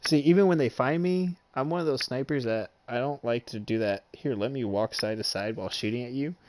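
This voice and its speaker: A man's voice: mid-range voice, a little fast. Swearing young man telling a gaming story. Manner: animated, swears freely, laughs often. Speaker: gaming streamer. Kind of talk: casual storytelling chat.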